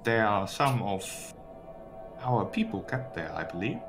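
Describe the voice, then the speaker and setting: A man voicing a calculating woman prisoner who speaks in a measured, cautious way. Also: fairly low pitch, animated, over music. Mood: guarded. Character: guarded calculating woman captive.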